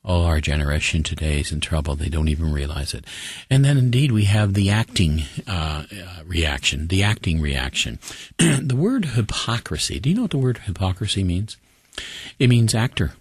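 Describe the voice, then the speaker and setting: A man preaching a sermon, emphatic, with slow deliberate pauses and sudden rises in pitch. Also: sing-song, husky, no echo.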